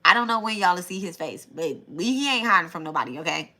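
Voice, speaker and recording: A young adult woman talks through a live tarot stream in a loose, chatty way. Her voice sits a little low for a woman but has a bright, forceful edge. She keeps circling back and speaking directly to her viewers. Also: lively intonation, fast talker. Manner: chatty, repeats herself, talks straight to viewers. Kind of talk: casual live-stream chat.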